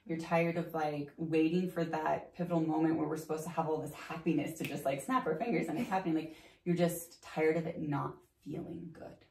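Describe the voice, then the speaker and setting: A woman's voice: low-pitched, a little fast, gravelly, dark tone. A woman guest in a casual interview, talking chattily about her Reiki journey with lots of fillers. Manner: chatty, many "like" fillers, acts out her own past thoughts. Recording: roomy, slightly distant mic.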